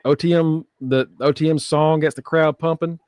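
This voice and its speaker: A man chats casually, telling stories with animated energy, profanity and frequent laughter. His voice sits a little high. It is recorded close and dry, with no room sound. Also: moderate pace, clean tone, dry recording. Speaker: podcast host. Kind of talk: casual wrestling recap chat.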